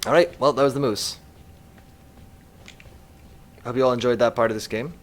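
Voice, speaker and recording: A man's voice: mid-range voice, moderate pace. A man casually musing aloud while streaming a game live and reading chat comments.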